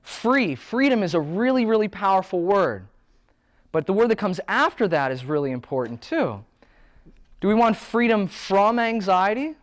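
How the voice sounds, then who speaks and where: A man in his thirties, a wellness coach, giving an animated, joking motivational talk. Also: high-pitched, normal speed. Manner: animated and joking, with playful asides.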